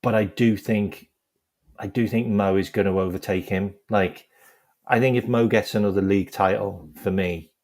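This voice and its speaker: A man's voice: on the low side, fairly even intonation, normal speed, a little mellow. Rambling male football fan vlogger. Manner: rambling, heavy use of "like", laughs while telling stories. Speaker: football fan channel host. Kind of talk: casual live-stream chat.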